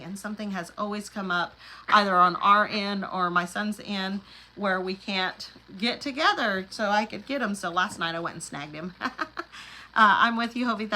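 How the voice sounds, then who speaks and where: Poor audio carries the sharp, mid-range voice of a middle-aged Oklahoma Panhandle woman chatting on her livestream. She reads out comments from viewers, laughs often and wanders into rambling asides.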